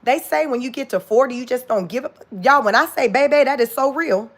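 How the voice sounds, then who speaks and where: A woman's voice: sits high, a little fast. A woman in her forties hosting a casual livestream, blunt and profane, often breaking into laughter. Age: 40s. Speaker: livestream host.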